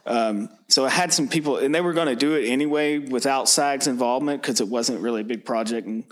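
A man's voice: medium pitch, a little fast. A man, a filmmaker, talking casually and a bit hesitantly about making his film. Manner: easygoing, hesitant with fillers. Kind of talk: casual interview talk.

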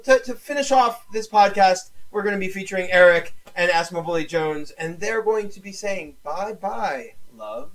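A man's voice: sits high, expressive, normal speed, few pauses, fairly bright tone, far from the mic, poor audio. Effusive man podcasting a bit off-mic. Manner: effusive, rambling with many restarts. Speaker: podcast co-host. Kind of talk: casual podcast chat.

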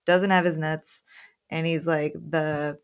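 A woman's voice: low-pitched, little pitch movement, slow, smooth. A woman co-hosting a podcast in casual chat, easygoing and joking. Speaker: guest co-host.

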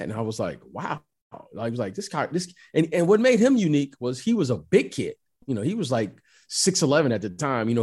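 A man's voice: mid-range voice, a little mellow. A man in his fifties co-hosting a casual sports podcast, telling stories in an easygoing, reflective way. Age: 50s. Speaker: podcast co-host, former pro player.

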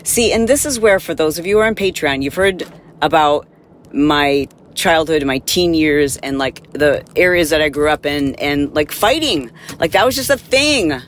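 A woman's voice: low-pitched, moderate pace, a little hiss or hum. Exasperated woman telling a story. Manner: animated, exasperated, acts out quotes. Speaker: podcast host. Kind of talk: casual storytelling monologue.

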